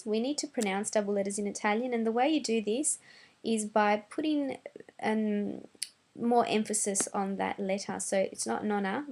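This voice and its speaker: A woman teaching Italian pronunciation, saying each word carefully and contrasting right and wrong versions, with frequent "um" pauses. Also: medium pitch, a little mellow. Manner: deliberate, repeats words in contrast, frequent "um" fillers. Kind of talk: slow pronunciation lesson.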